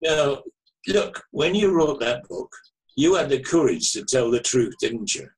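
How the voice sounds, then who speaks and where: A man's voice: mid-range voice, expressive, measured pace, natural voice, poor audio. A man voicing an anxious, suspicious middle-aged Manchester man with a Manchester accent, pressing his questions. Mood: insistent.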